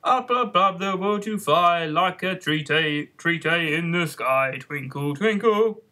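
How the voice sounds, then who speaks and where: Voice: medium pitch, sing-song, brisk, sharp tone, slightly rough, pitched above the performer's own voice, exaggerated voice. A reader doing a grumbling, contemptuous Hatter. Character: quarrelsome, rude grown man, the Hatter. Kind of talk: amateur audiobook reading.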